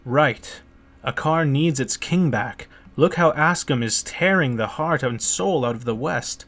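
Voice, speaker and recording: A man reading an audiobook, voicing a cautious male noble duke who speaks slowly and deliberately. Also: medium pitch, a bit bright, voice pushed up. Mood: insistent. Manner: slow, deliberate.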